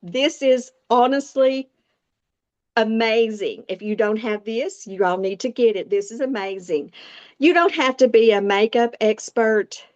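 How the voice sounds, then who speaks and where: Unhurried and fairly high-pitched, a sixty-year-old woman with a Southern Appalachian American accent addresses viewers directly in a casual makeup tutorial. She's a makeup vlogger with a folksy, chatty style, heard over dull audio.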